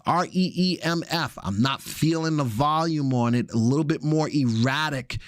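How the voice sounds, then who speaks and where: A man's voice: fairly high pitch, moderate pace, dry recording, studio quality. Man hosting a casual live market show. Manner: casual, chatty, jokey asides. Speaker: stock market analyst host.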